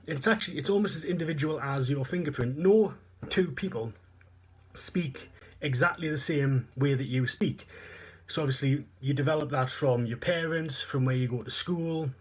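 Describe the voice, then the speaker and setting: A fairly high-pitched, slightly rough male voice at normal speed, with a Northeast English accent. He's a fitness coach giving a live online seminar talk, explaining earnestly and repetitively with fillers.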